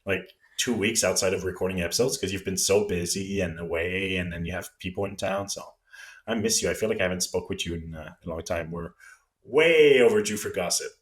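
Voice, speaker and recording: A man with a low voice co-hosts a relaxed podcast chat. He teases his co-host with a dry, playful edge and laughs easily between lines. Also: a little fast. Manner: teasing, laughs often. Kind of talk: casual chat.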